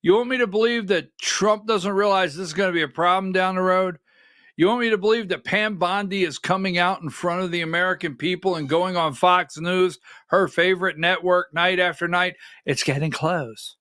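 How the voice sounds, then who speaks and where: A middle-aged man hosting a livestreamed political commentary show, talking in an animated, rhetorical way, often asking "right?" and rising to near-shouting when worked up. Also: high voice, a little fast, clean tone, no echo, studio quality. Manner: talks while fumbling with on-screen clips.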